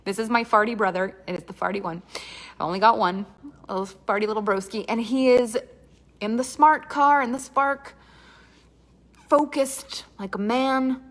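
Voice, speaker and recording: A woman's voice: on the high side, steady tone, moderate pace. A woman from Canada telling a comic personal story with dramatic asides and quoted dialogue.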